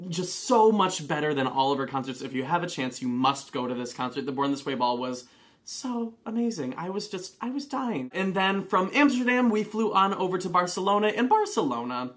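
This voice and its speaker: A young man in his twenties spins a travel mishap for his viewers, his voice leaping around in pitch. He swears freely and acts out every person in the story. It is a casual, talky vlog delivery. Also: brisk. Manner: animated, profane, dramatic retelling with quoted voices. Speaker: vlogger.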